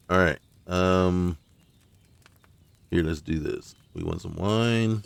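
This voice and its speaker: A man's voice: sits low, slow, vocal fry, clean tone, no room sound. A man hosting a gaming channel gives casual commentary on his gameplay, talking to himself and crying out in frustration when things go wrong. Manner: talks to himself, exclaims in frustration.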